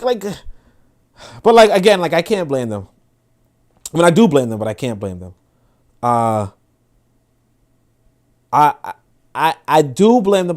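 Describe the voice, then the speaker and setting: Animated, profane male podcast host. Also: high voice. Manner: animated, profane, repeats himself. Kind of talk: casual livestream commentary.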